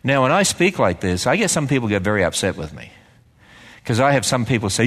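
A man preaching a sermon in a church, firing rhetorical questions and swinging between loud, emphatic lines and hushed ones. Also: lowish voice, huge pitch swings, a little fast. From Australia. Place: church sanctuary. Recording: large hall with long reverb.

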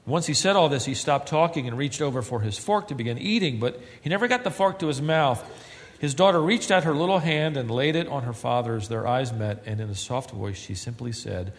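A man preaching a sermon as pastor, earnest and building to loud, emphatic climaxes. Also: medium pitch, normal speed. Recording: long reverb of a large hall.

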